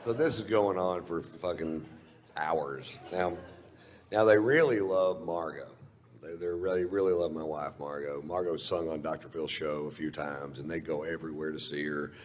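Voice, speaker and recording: A man's voice: extremely low pitch, normal speed, slight background noise. A middle-aged man telling a long profane story on stage in a dry, drawling way. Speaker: stand-up comedian. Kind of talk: stand-up storytelling. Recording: live stage recording with long hall reverb. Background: faint audience laughter.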